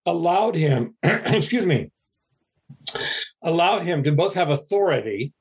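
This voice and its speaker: An older man, an author, giving a slow, rambling, self-deprecating interview answer. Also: on the high side, sing-song, breathy edge.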